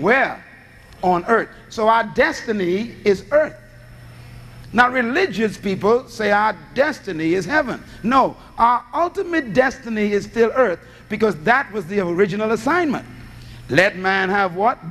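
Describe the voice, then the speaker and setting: A man's voice: high-pitched, animated, measured pace, sharp tone. A man preaching a sermon, teaching by asking the congregation questions and supplying the answers. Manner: teaching with call-and-response questions. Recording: long hall reverb.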